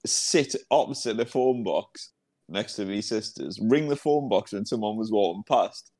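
A man, co-hosting a podcast and telling stories in an animated, incredulous, sweary way. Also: fairly low pitch, moderate pace. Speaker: podcast co-host. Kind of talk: casual chat.

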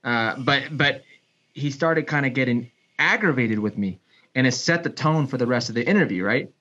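A man, a sports broadcaster and former pro soccer player, telling a story in a casual podcast chat, with big pitch swings and frequent restarts. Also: normal speed, pushed and bright. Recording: dull lo-fi podcast audio.

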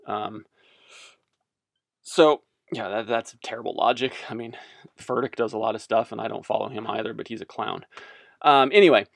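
A man's voice: on the low side, vocal fry, a bit bright, no room sound, clean studio sound. A man giving casual religious commentary as a podcast host, rambling and self-amused, wandering off on tangents.

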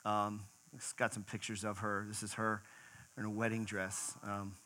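A middle-aged man with a bright, clear-toned voice speaks to a congregation. He talks haltingly, restarting sentences and filling pauses, and his voice wavers with emotion. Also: on the low side, little pitch movement, rough recording. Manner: halting, many fillers and restarts. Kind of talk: emotional church talk.

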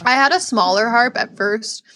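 A woman's voice: on the high side, moderate pace, sharp tone. A woman co-hosting a podcast in casual chat, wry and self-deprecating.

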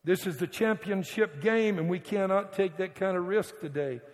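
A man preaching a sermon as pastor, telling a story with dramatic swings from hushed tones to shouting. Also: high voice, normal speed. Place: church sanctuary. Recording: church hall reverb.

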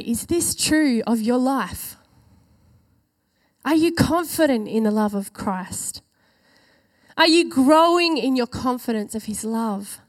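Female preacher, high voice, earnest sermon delivery with slow, stressed phrases. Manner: earnest, emphatic, slows for key phrases.

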